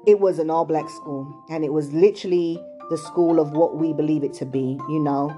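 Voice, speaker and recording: British woman, middle-aged, casual storytelling, chatty and rambling, lowish mellow voice. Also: fairly even intonation, normal speed, soft background music. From England, also raised in Chicago. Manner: chatty, digressive, many "like" and "you know".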